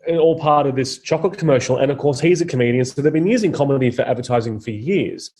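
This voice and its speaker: A man talks bluntly in a relaxed, mellow voice, with plenty of swearing. His pitch sits in an ordinary middle range. He is a comedian guest holding forth in a casual podcast chat. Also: fast, breathy edge. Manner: blunt and opinionated, swears freely.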